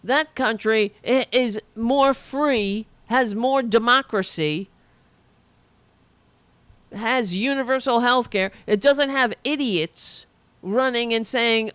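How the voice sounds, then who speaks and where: A woman's voice: fairly high pitch, slow, a bit bright, smooth, dry recording. A woman hosting a political commentary show, delivering a profane, sarcastic, heated rant.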